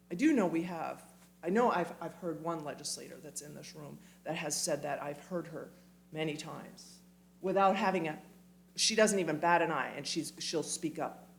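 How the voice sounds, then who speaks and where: A woman giving an animated, emphatic community talk, with quick asides, in a church hall. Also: medium pitch. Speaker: speaker.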